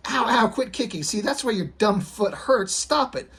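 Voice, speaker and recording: A man's voice: sits high, expressive, normal speed, a bit bright, slightly rough, pitched above the performer's own voice, full character voice. A man voicing a rude little boy who pretends to be a doctor, pushy and snide. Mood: snide, bossy.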